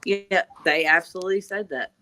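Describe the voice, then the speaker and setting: A middle-aged woman hosting a casual chat, talking in halting, chatty bursts. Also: on the low side, background noise. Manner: halting, chatty, quotes characters in asides. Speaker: podcast host.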